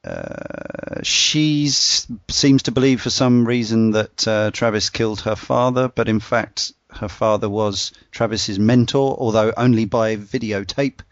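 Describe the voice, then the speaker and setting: A man's voice: fairly low pitch, a little slow, few pauses, dry recording. Guy rambling casually on a podcast, uh uh fillers, dry kinda muffled audio. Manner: relaxed, rambling, frequent "uh" fillers. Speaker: podcast panelist walking through game bosses.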